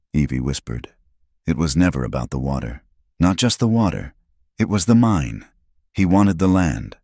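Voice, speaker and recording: Very deep male narrator, steady storytelling, dry close mic. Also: dry recording. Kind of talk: scripted narration.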